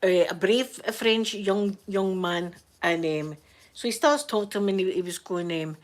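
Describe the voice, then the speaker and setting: A woman's voice: medium pitch, normal speed. A Scottish woman chatting casually on a live stream, rambling through stories and laughing often. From Scotland. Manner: chatty, rambling storyteller who laughs a lot.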